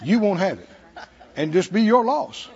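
A man's voice: sits high, big pitch swings, normal speed, a little mellow, husky, lo-fi sound, some chatter behind. A man with a Southern American accent preaching a sermon in a church, folksy and humorous, chuckling between points. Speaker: pastor. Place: church sanctuary.

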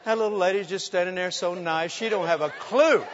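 A man's voice: high-pitched, a little fast, in a large hall, muffled recording, noisy background. A man preaching, telling humorous stories animatedly and acting out the voices of the people in them. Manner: animated, humorous, acts out quotes, laughs often. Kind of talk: sermon storytelling.

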